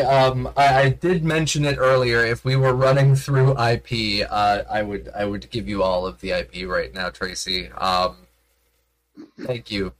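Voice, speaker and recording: A man runs a tabletop game on a stream and talks in a loose, rambling way, often stopping to restart. His voice sits in the middle range. He sounds relaxed and unscripted. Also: mid-range voice, unhurried, rough recording. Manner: rambling, with many fillers and restarts. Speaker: game master. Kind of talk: casual stream chat as game master.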